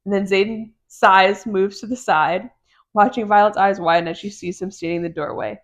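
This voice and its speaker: A woman's voice: mid-range voice, fairly even intonation, moderate pace. A woman co-hosting a podcast, chatting casually about a book and retelling scenes in quoted dialogue. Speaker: podcast co-host.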